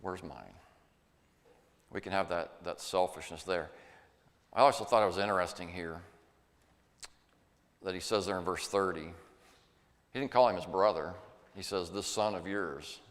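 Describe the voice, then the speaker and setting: A man's voice: deep voice, moderate pace, long pauses. A man preaching a sermon in an earnest, folksy way, sometimes acting out the voices he quotes. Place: church sanctuary. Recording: long church reverb.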